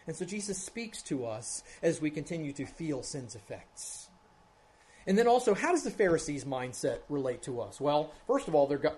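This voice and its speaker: A male pastor preaching an expository sermon. He is earnest, drops to hushed tones, then swells to loud emphasis, and often checks in with the congregation. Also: a little high, sing-song, moderate pace. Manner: earnest, swings from hushed to loud emphasis, keeps asking "right?".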